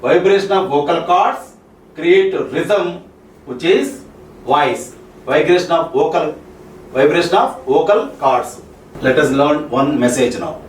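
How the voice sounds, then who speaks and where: A man's voice: a little high, expressive, a little hiss or hum. Man, indian english accent, lecturer, repeats every point, roomy echo, far mic. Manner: slow, repeats each point, asks "Clear?" and "Okay?". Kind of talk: classroom lecture.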